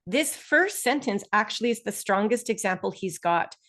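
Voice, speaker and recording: A woman's voice: mid-range voice, expressive, moderate pace, fairly bright tone. Woman, test prep instructor, encouraging, step-by-step explanations, video call audio. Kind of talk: live online lesson.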